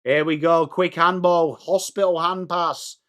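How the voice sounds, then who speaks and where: An English man hosting a fan watchalong, chatting through the match as live fan commentary and breaking into shouts at big plays. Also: a little high, fairly even intonation, unhurried. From England.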